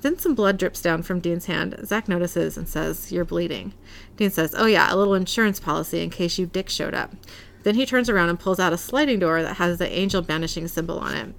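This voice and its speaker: A woman's voice: lowish voice, fairly quick, gravelly, a little hiss or hum. A woman co-hosting a podcast, retelling a TV episode scene by scene and quoting the characters' lines. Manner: reads scenes aloud, quoting lines in a lightly acted way. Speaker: podcast co-host recapping an episode.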